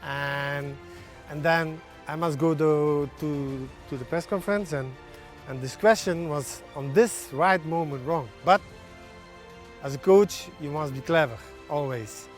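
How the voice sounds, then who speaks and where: A man, a national team's head coach, answering in halting non-native English with many pauses and fillers in a TV sports interview. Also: on the high side, soft background music. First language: not English.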